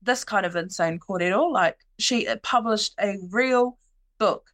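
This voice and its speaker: A woman's voice: mid-range voice, a little slow, a bit bright. Bubbly New woman hosting a podcast. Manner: bubbly, teasing, laughs often. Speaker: podcast host. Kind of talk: casual interview chat.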